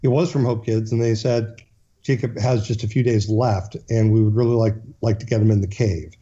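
A man's voice: fairly low pitch, fairly even intonation, fairly quick, mellow, breathy edge, highs cut off. A man, a guest in an interview, telling a long story earnestly, with frequent restarts and fillers.

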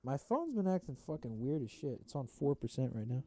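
A man's voice: medium pitch, very animated, brisk, mellow, no echo. A man hosting a podcast in casual chat, cursing a lot and rambling while acting out movie quotes. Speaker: podcast host.

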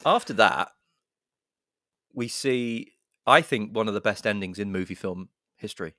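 A lower-pitched man chats on a podcast, walking through a horror film scene by scene with lively, profane enthusiasm. His voice sounds close and dry, with no room around it. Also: measured pace, no room sound. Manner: animated storyteller, swearing, puts on dramatic voices for quotes. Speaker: podcast co-host. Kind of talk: casual chat, retelling a film plot.

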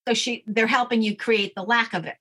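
A woman's voice: fairly high pitch, fairly even intonation, fairly quick, bright, forceful tone, slightly rough. A woman guest coach giving confident, matter-of-fact instructions in an interview.

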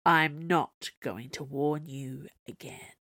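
A woman's voice: low-pitched, dry recording, clean studio sound, pitched below the performer's own voice, heavily acted. A woman voicing a bored, enchanted young prince who speaks in a deadened, icy tone. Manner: flat deadened tone, icy and slow.

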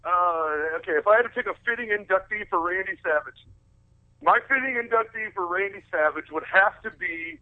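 Over a muffled phone line, a man guests on a casual wrestling podcast chat, ranting with heavy swearing about what he hates. His voice is high-pitched and brisk, with no room sound.

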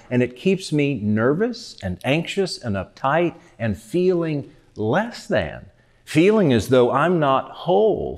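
A man's voice: mid-range voice, darkish tone. A man giving a reflective motivational talk in a conversational way, often putting rhetorical questions to his listeners. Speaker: speaker.

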